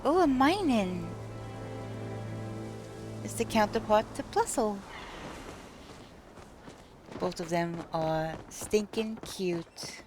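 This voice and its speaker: A woman's voice: medium pitch, expressive, extremely slow, pauses often. A woman with a New York accent chatting casually with her viewers while gaming on a live stream, laughing often. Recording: game music playing behind.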